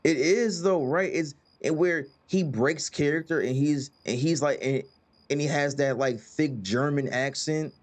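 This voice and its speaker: A man's voice: on the high side, a little slow. A man hosting a casual gaming chat who rambles, repeats words and leans on fillers. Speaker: host.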